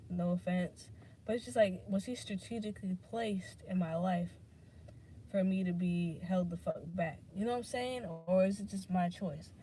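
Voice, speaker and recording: A woman's voice: fairly low pitch, moderate pace, mellow, a little hiss or hum. A woman hosting a casual solo podcast, rambling between topics and swearing freely as she talks things through. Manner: drifts between topics, many fillers. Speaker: podcast host.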